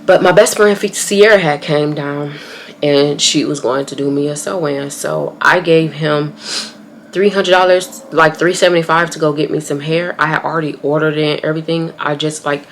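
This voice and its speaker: Gravelly young woman chatting to camera. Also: deep voice, steady tone, moderate pace, a little hiss or hum. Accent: African American English. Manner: chatty, talks straight to viewers as y'all. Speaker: beauty vlogger telling a story. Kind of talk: casual story time while doing makeup. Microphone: camera on tripod.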